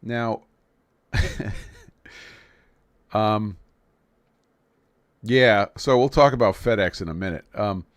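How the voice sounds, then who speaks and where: A man's voice: lowish voice, slow pace, long pauses, no room sound. A man from New York City hosting a casual livestream, joking and rambling as he restarts his sentences. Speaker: livestream host.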